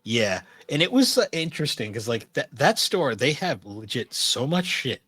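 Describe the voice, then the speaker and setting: A man's voice: medium pitch, big pitch swings, normal speed, sharp tone, breathy edge, no room sound. A young adult man co-hosting a podcast in casual chat, rambling and swearing freely. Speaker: podcast co-host.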